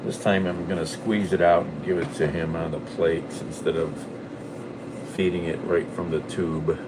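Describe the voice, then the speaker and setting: A man's voice: low voice, level tone, normal speed, very noisy. A man chatting casually through a cooking vlog and talking to his cat. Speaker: vlogger. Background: cat meowing.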